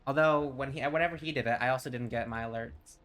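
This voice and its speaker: A man's voice: mid-range voice, fast, a bit bright. A man from Tennessee chatting casually with viewers while playing a game, rambling and easily sidetracked. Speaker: streamer. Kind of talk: casual live-stream chat while gaming.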